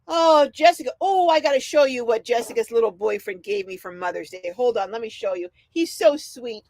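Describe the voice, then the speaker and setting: A woman's voice: fairly high pitch, a little fast, no room sound. A middle-aged woman hosting a casual livestream, chatting and laughing as she reads out viewer comments. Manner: chatty, animated, laughs often. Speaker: livestream host reading chat.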